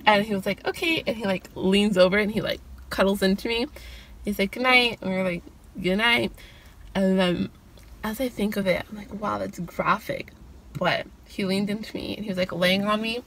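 A woman's voice: fairly even intonation, moderate pace, fairly bright tone, a little hiss or hum. A young woman telling a storytime vlog, chatty and full of "like", acting out the quotes with a lifted voice. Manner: chatty, fillers like "like", acts out quotes in a higher voice. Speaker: vlogger.

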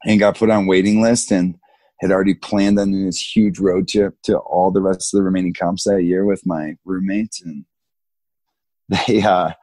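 A man in his thirties with a low, husky voice tells skiing stories in a laid-back, slangy way. He laughs often and acts out what others said along the way. The sound is close and dry. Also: flat delivery, normal speed, warm tone, dry recording. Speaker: guest, big mountain skier. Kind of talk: casual storytelling interview.

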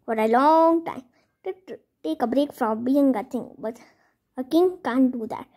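A woman narrating a homemade story and acting out all its characters, with an animated manner and frequent restarts. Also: high voice, measured pace.

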